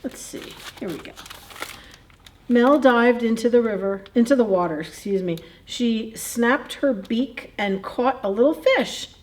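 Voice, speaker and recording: A woman's voice: fairly high pitch, measured pace, a little mellow. A woman librarian reading a picture book aloud at a children's story time, in a playful, chatty way, chuckling and asking the kids questions.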